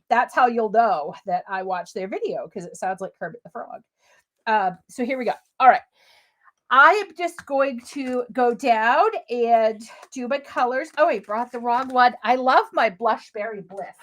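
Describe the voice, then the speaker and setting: A woman's voice: on the high side, a little slow, fairly bright tone. A woman hosting a live crafting demo, chatty and gushing, talking straight to her viewers as she works. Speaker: crafting livestream host.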